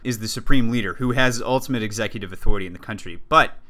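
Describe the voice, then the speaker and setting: A man with a lower voice explaining political history in casual discussion, with frequent restarts. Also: quick pace, pushed and bright. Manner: explanatory, many restarts and fillers.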